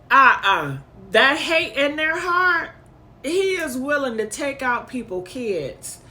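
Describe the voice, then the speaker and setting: A woman's voice: fairly high pitch, pushed and bright, a little hiss or hum. A woman hosting a commentary channel, reacting to clips in an indignant, emphatic way and repeating her points.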